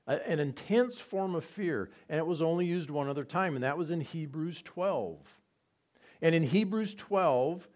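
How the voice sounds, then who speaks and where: A man giving a conversational Bible teaching, relaxed and asking his listeners rhetorical questions. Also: mid-range voice.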